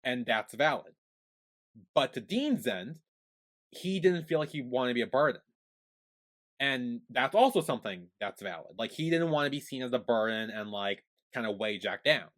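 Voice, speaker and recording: A young man co-hosting a podcast in casual chat, retelling plot and quoting the characters in a low, soft voice. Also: moderate pace. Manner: relaxed storyteller, quotes the characters in a low soft voice. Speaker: podcast co-host.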